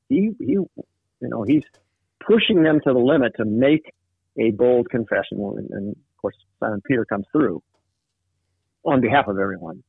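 A man's voice: medium pitch, animated, moderate pace, gravelly, long pauses, slightly rough, dry recording. A man in a casual Bible study discussion, explaining a passage thoughtfully with frequent fillers. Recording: tinny phone-like line.

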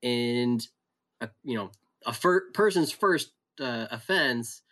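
A man's voice: mid-range voice, lively intonation, slow pace, fairly bright tone. Male pastor, reflective, thinks aloud in conversational study.

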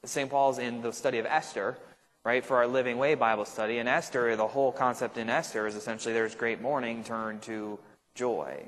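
A man's voice: mid-range voice, steady tone, a little fast, fairly bright tone, big-room sound. A male pastor leading a casual Bible study, talking conversationally and checking in with the group with frequent tag questions. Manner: thinks aloud with restarts and asides.

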